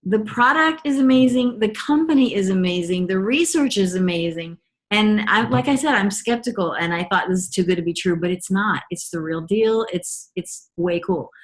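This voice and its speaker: A woman's voice: mid-range voice, lively intonation, moderate pace. A middle-aged woman gives a personal testimony as a mother, talking in a chatty, earnest way with frequent ums and restarts. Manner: earnest and enthusiastic.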